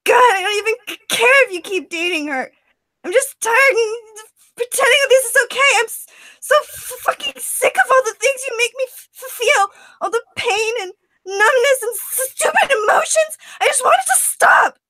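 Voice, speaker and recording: A woman's voice: very high voice, moderate pace, dry recording, low-quality recording. A woman voicing a distraught, heartbroken teenage boy who stammers and cries out in anguish, for an audition. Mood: anguished, tearful. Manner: sobbing, stammering, shouting in anguish. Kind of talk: voice acting audition.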